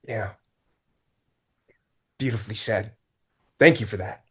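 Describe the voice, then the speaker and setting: Male podcast host, slightly low voice, loose and chatty, lots of fillers. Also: takes it slowly, fairly bright tone, husky. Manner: rambling, many fillers like "you know". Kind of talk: casual interview chat.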